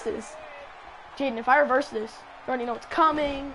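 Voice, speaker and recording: A woman with a high voice chats casually while playing a wrestling game, teasing her friend nonstop. She repeats her taunts again and again and breaks into loud yelling when the match turns. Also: fairly even intonation, fairly quick, a little hiss or hum, poor audio. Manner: teasing trash talk, repeats lines, bursts into yelling. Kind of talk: casual gaming commentary.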